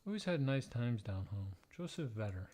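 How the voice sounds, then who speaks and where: A man livestreaming, reading old letters aloud in a plain, halting way, breaking off for blunt, profane joking asides. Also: mid-range voice, sing-song, warm tone. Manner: plain, halting read-aloud delivery, stumbling and restarting over odd wording.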